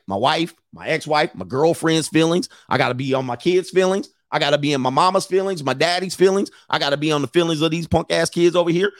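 In a casual livestream rant, a man with a fairly high voice works as a life coach, swearing bluntly, laughing between points, repeating himself, and answering viewers' super chats. The audio is studio quality with no room sound.

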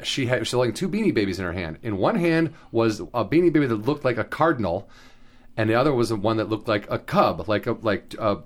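A man's voice: fairly low pitch, expressive, brisk. A man co-hosting a casual podcast, telling rambling stories and laughing often. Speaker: podcast co-host. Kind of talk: casual chat.

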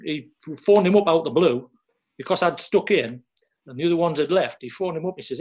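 A man, a former footballer who tells stories haltingly, repeating words and quoting others. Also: on the high side, a little mellow. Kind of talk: casual storytelling chat.

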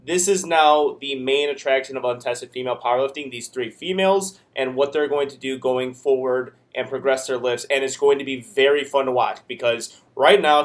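Male co-host, mid-pitched, punchy and emphatic. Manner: emphatic, building hype. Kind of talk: casual sports chat.

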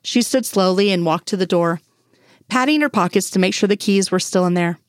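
A woman reading fan fiction aloud in a steady, even storytelling manner. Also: mid-range voice, a little fast, no room sound, clean studio sound. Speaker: audiobook reader. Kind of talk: scripted narration of fan fiction.

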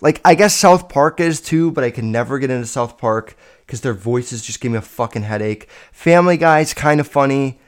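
A man in his twenties hosting a solo podcast, telling stories in a rambling, profane, animated way. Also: medium pitch, normal speed, clear, resonant tone. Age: 20s. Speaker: podcast host. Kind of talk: casual solo podcast storytelling.

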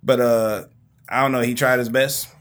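A man's voice: mid-range voice, fairly even intonation, moderate pace, a bit bright, a little hiss or hum. A man co-hosting a podcast in slangy, casual chat, laughing often and acting out voices. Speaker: podcast co-host.

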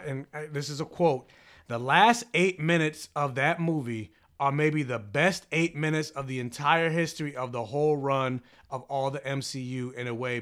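A man's voice: medium pitch, a bit bright. A man chatting casually, rambling and restarting his sentences often. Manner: rambling, restarts, lots of fillers. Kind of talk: casual chat.

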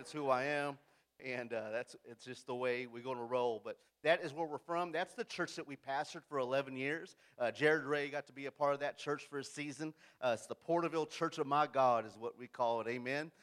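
A man's voice: fairly high pitch, a bit bright. Folksy man addressing a congregation. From central California. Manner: folksy, joking, asks for amens. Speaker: youth and discipleship director. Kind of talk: church introduction talk.

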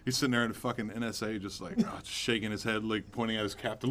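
A man's voice: on the low side, fairly even intonation, fast, fairly bright tone. A man co-hosting a podcast, rambling through crude casual banter and laughing through his jokes.

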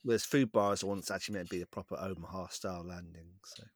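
A man with a West Country accent co-hosting a casual chat, easygoing and quick to laugh. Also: sits low, fairly even intonation, no room sound, clean studio sound.

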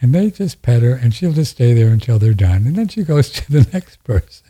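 A man's voice: mid-range voice, big pitch swings, fairly quick, dark tone, slightly rough. A man hosting a radio show, talking in a folksy, rambling way and often repeating himself. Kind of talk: casual conversation.

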